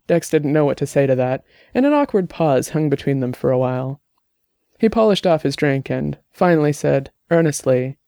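Podcast novel narrator, man, slightly high mellow voice, steady reading. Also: moderate pace, creaky, no room sound, clean studio sound. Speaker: audiobook narrator.

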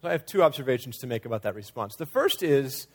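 A man's voice: medium pitch, animated, fast talker, husky. A man preaching a sermon in a conversational way, sometimes acting out quoted lines with changing emphasis. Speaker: pastor.

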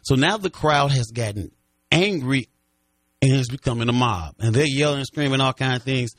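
A man of middle pitch recounts a personal story in an interview. He tells it vividly and acts out the lines of the people in it. The recording is dry and close, with no room echo. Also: moderate pace, fairly bright tone. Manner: vivid storyteller who acts out what others said.

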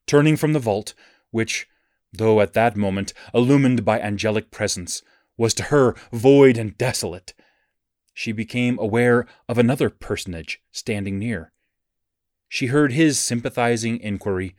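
A man narrating a scripture story in a solemn, measured, reverent manner. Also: mid-range voice, a little mellow, dry recording, studio quality.

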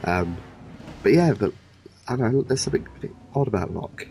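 A man in casual chat about a TV show, talking animatedly and breaking into quick impressions. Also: mid-range voice, expressive, warm tone, slight background noise.

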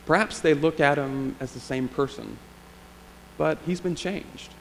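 This male pastor's voice is fairly high and a little slow, with a creaky quality. He delivers his sermon reflectively and conversationally, asking rhetorical questions from a church sanctuary. Long church reverb and a faint hum color the recording.

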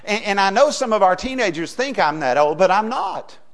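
Animated preacher man. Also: sits high, moderate pace. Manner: folksy preaching with wide swings from hushed to loud. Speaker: pastor. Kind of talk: sermon.

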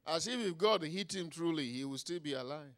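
A man preaching a sermon emphatically, swinging between quiet asides and loud exclamations and checking in with his listeners. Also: on the high side, expressive, fairly quick. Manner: engages the audience with "Huh?" and "Is anybody getting anything?".

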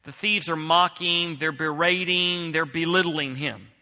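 A male pastor preaches a sermon, reading scripture aloud and then explaining it with emphasis. His voice is very bright and a little higher than most men's. It rings out with the long reverb of a large hall. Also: steady tone, measured pace.

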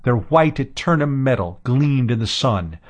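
A man narrating a science fiction audiobook in a steady, even reading voice. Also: medium pitch, unhurried. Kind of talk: scripted narration.

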